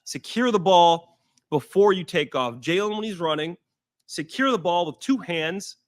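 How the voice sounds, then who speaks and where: A man's voice: high-pitched, lively intonation, normal speed, no room sound, studio quality. A man in his thirties, a former pro football player, talking through a game in casual, emphatic analysis and repeating key points for stress. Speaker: former NFL player, guest. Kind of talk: casual sports analysis chat.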